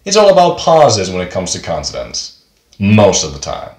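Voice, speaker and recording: A man's voice: deep voice, wildly swooping pitch, moderate pace, darkish tone. A man teaching a beginner pronunciation lesson, speaking patiently and repeating each example word twice. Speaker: language teacher. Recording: echoey room.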